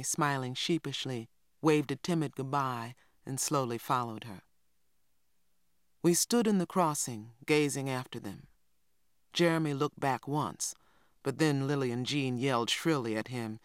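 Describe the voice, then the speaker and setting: A narrator reads an audiobook in a steady, even way, with a voice that sits in a middle pitch range. The mic is close and the recording is dry, with no room sound around the voice. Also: unhurried, no echo.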